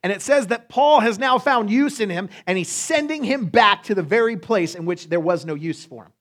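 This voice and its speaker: A male pastor preaching a sermon in a playful, joking manner with quick asides to the congregation. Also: high voice, expressive, a bit bright.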